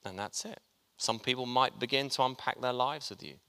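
Chatty preacher in a reverberant hall. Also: male voice, medium pitch, fairly quick, bright, forceful tone. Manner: chatty and jokey, talks to the congregation. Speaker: pastor. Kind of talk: sermon.

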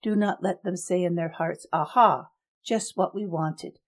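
A woman's voice: fairly low pitch, measured pace. Woman voicing a shaky, pleading male captive.

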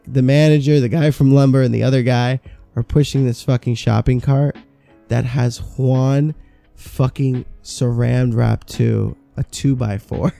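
Mellow-voiced man telling profane stories. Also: medium pitch, creaky. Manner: profane, rambling, animated storyteller. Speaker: podcast co-host. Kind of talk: casual storytelling chat.

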